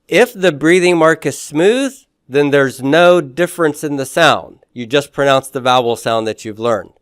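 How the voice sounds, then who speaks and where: A man's voice: a little high, animated, unhurried, clear, resonant tone, dry recording, studio quality. A man teaching a beginners' Greek lesson, explaining patiently and often checking in with "okay?". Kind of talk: classroom lecture.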